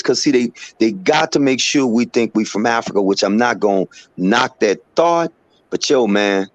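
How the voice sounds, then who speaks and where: A man's voice: fairly low pitch, animated, moderate pace, no room sound. A man in casual live-stream chat who talks in an earnest, rambling, somewhat preachy way. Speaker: co-host.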